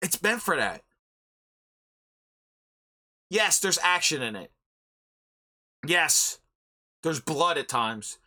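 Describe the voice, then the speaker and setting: A young man hosting a podcast, chatting casually and rambling excitably about an anime, swearing freely. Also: fairly high pitch, extremely slow, long pauses. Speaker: podcast host. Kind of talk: casual anime review chat.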